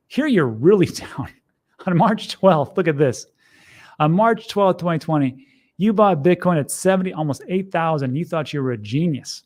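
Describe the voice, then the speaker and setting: Chatty man, pitch a touch raised. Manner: conversational, animated, slightly sardonic asides. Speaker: host. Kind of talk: casual screen-share commentary.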